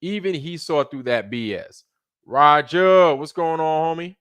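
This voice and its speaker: A man's voice: a little high, measured pace, a bit bright, clean tone, no room sound. A man with an American accent hosting a casual livestream, rambling loosely, repeating himself and swearing freely. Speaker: livestream host.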